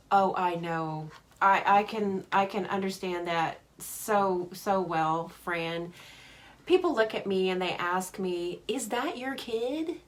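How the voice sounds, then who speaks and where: A woman giving a casual, chatty card-making demonstration. She answers viewer comments as she goes and laughs often. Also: on the low side. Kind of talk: casual live craft demo.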